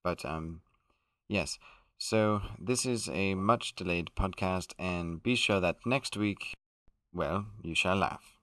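A man playing a pompous aristocratic English gentleman who hosts a comedy podcast, in a put-on upper-class British accent, fussy and self-correcting. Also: low voice, takes it slowly, no echo, studio quality. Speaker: podcast host.

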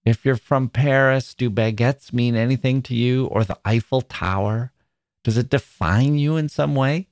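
A man's voice: mid-range voice, moderate pace, no room sound. Male podcast host, reflective and wry, dry close mic. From Wisconsin, USA. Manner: thoughtful, wry, with small self-corrections. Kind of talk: reflective spoken essay.

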